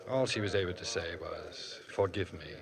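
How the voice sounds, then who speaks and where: An actor playing a quiet, troubled male priest who speaks hesitantly, in 1940s radio acting style. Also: low-pitched, normal speed, creaky. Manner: hesitant, soft-spoken.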